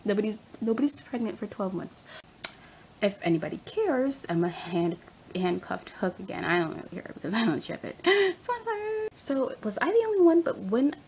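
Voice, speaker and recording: A young woman ranting casually as a fan vlogger, animated and rambling, laughing often. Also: medium pitch, a little hiss or hum, rough recording. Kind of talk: casual rant.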